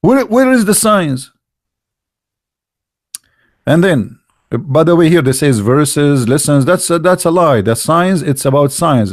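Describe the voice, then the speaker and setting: A man with a somewhat high voice gives sarcastic, incredulous commentary in English, which is his second language. He sounds close to the mic, and the sound is dry. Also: no echo. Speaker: online religion critic. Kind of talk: mocking commentary on a text.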